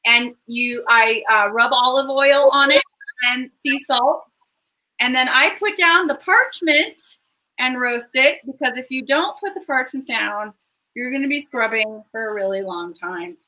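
A woman with a high, bright, ringing voice hosts a cooking show from her home kitchen. She rambles cheerfully and gushes over the ingredients as she cooks and talks. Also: a little slow, poor audio. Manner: chatty, rambling, enthusiastic about food. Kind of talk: casual cooking chat.

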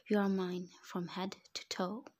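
Possessive young mafia boss, man as a woman reads him, half-whispered, flat level delivery, storybook reading. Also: measured pace, lightly acted. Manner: low murmuring, half whispered.

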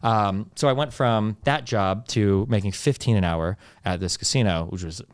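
A man who is a podcast guest, telling stories from his old jobs in a fast, ranting way with a lot of swearing. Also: fairly low pitch, smooth, no room sound. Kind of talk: casual storytelling, profane and emphatic.

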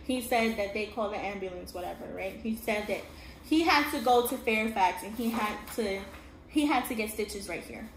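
Here a young woman, speaking at a moderate pace in a medium-pitched voice, tells a painful story of her own as a vlogger. Earnest and direct, she keeps saying "okay?" to the listener, and the recording carries echo and steady background noise.

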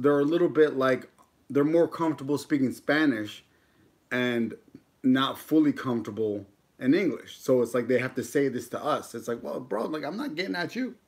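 A man in his thirties from the United States, chatting casually and joking while eating on a live stream, swearing freely. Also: mid-range voice. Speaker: mukbang YouTuber.

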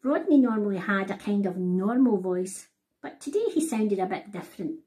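Animated woman reading a children's story. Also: medium pitch, moderate pace. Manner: animated, addresses children directly. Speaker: children's author reading her book. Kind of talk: storybook read-aloud for children.

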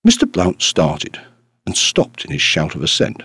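A man reading a classic detective story aloud as an audiobook narrator, with expressive storytelling. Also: very deep voice, unhurried, breathy edge. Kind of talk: scripted narration.

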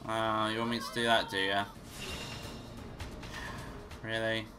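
A man's voice: lowish voice, flat delivery, slow, over music. A man hosting a let's play, casually commentating, swearing and joking to himself as he plays. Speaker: gaming channel host.

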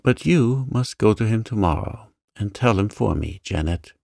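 A man voicing a spirited, quick-tempered young woman who speaks sharply and dismissively. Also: fairly low pitch, expressive, creaky, warm tone, no echo, studio quality. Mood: excited, scornful.

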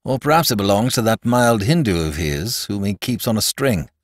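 A man's voice: fairly low pitch, big pitch swings, normal speed, no room sound, clean studio sound. A man voicing a jolly, blunt, skeptical country doctor with a hearty, dismissive manner.

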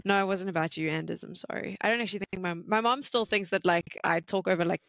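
A woman hosting a podcast, telling a story in quick, friendly casual chat. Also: lowish voice, fairly bright tone, dry recording. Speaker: podcast host. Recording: dry dull mic on the road.

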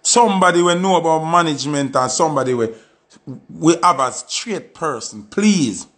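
A man's voice: on the high side, normal speed, a bit bright. A man with a Jamaican accent delivering an impassioned, pleading monologue with lots of repetition. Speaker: artist giving commentary.

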